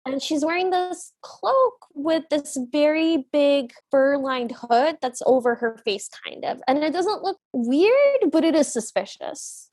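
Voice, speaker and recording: A woman's voice: sits high, expressive, measured pace, hardly any pauses, a little mellow, dry recording. A woman co-hosting a podcast, animatedly retelling a film scene in casual chat and voicing the characters in passing. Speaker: podcast co-host.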